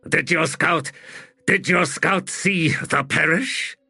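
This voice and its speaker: A man doing a gruff, weary warlord. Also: a little high, takes it slowly, sharp tone, no echo, clean studio sound, soft background music, voice pushed up, heavily acted. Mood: sardonic. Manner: gruff, sardonic.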